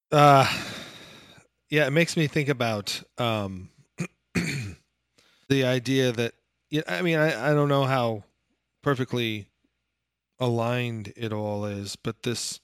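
A man's voice: medium pitch, takes it slowly, pauses often, a bit bright, clear, resonant tone, no echo, clean studio sound. A man co-hosting a casual discussion podcast, talking loosely with many fillers. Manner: loose, filler-heavy talk. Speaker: podcast co-host.

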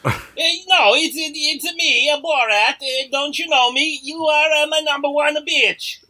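A man's voice: extremely high pitch, a little slow, bright, forceful tone, exaggerated voice. A man putting on a crude broken-English foreigner. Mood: pleading. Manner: broken grammar, heavy put-on foreign accent.

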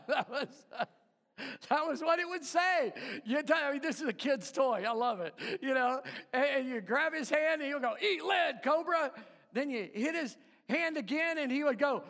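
Brief: male pastor, unhurried storytelling sermon, long hall reverb. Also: very high voice, a bit bright. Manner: storytelling, chuckling, halting restarts.

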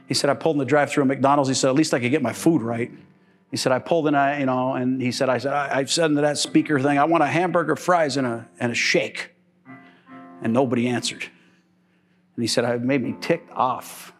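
A middle-aged man preaching a sermon, animated and joking, with sudden high exclamations and laughter.

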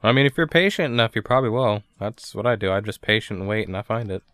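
A man's voice: fairly low pitch, animated, quick pace, a bit bright, no room sound. A man co-hosting a casual podcast, blunt and teasing, swearing often. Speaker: podcast co-host.

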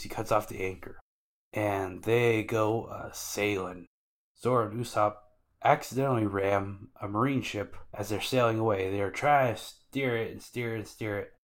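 A man's voice: fairly low pitch, fairly bright tone. A man co-hosting a podcast, casually recapping anime episodes in loose slangy talk and acting out the characters' lines.

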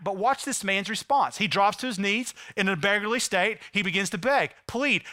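Male pastor, high bright voice, dramatic delivery that swings between loud and hushed, dry close sound. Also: expressive, moderate pace, hardly any pauses, dry recording. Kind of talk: sermon.

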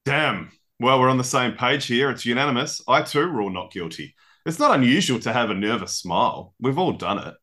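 A man co-hosting a casual sports podcast, chatty and quick to laugh, with mock-legal banter. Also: medium pitch, lively intonation, sharp tone. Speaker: podcast co-host.

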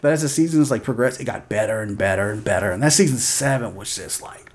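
Man excitable, cheio de palavrões. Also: fairly low pitch, fast. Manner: excitable, swears a lot, many "like" fillers. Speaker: podcast co-host. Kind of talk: casual film and TV chat.

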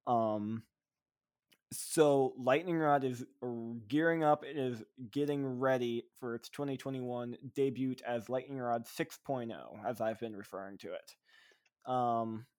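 A man's voice: medium pitch, a little slow, darkish tone, smooth. A man co-hosting a casual podcast, talking eagerly with lots of fillers and restarts. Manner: enthusiastic, rambling with fillers. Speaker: podcast co-host. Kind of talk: casual chat.

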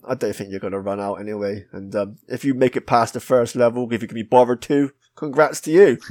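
Chatty British man, slightly high voice. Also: darkish tone. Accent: British English. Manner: chatty, swears freely, laughs often, self-mocking. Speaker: podcast host reviewing a retro game. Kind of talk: casual chat.

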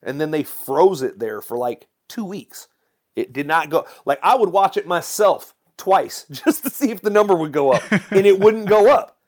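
A man, a musician talking casually in an interview, swearing freely and telling stories with animated swings. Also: high voice, normal speed. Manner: profane, animated storytelling with frequent "you know what I'm saying". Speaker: musician guest.

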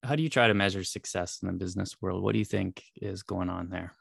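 A man from Canada hosting a podcast interview, measured and asking reflective questions. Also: sits low, creaky, husky, dry recording, studio quality. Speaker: podcast host.

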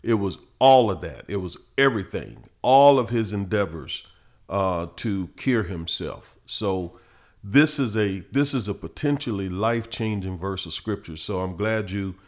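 A middle-aged man, a pastor teaching Bible verses on a podcast, who gets louder and higher when he reads scripture. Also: animated, unhurried. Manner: preachy, rises in pitch and force reading scripture.

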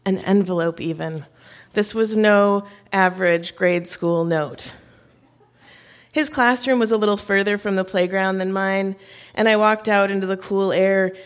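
Woman storyteller, live on stage; wry, self-mocking, light laughs. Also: mid-range voice. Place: on stage before an audience.

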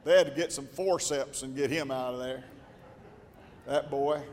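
An older man, pastoring and preaching a folksy storytelling sermon with a drawl that swells into shouting. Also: mid-range voice, fairly even intonation, normal speed. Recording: long church reverb.

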